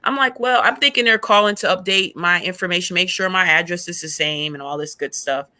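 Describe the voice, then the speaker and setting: A woman guest on a faith podcast, retelling a hard stretch of her life as an animated storyteller who acts out past conversations. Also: lowish voice, brisk. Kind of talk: emotional personal testimony.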